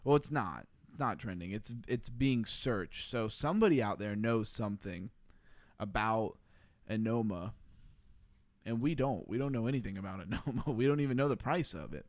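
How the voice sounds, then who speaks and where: A man's voice: fairly low pitch, expressive, normal speed, no room sound. Laughing man hosting a crypto livestream. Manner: laughing often, reading chat aloud. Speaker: livestream host. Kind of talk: casual livestream commentary.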